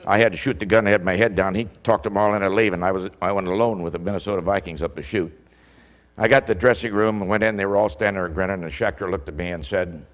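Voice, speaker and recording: An older man, a former football official, telling an animated story as a speaker, acting out the calls he shouted. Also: deep voice, brisk. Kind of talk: storytelling speech. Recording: long hall reverb.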